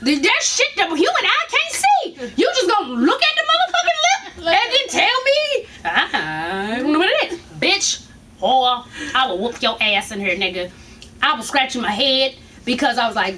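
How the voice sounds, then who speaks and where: A woman vlogger telling a story casually, animated and profane, laughing often as she goes. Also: high voice, slight background noise.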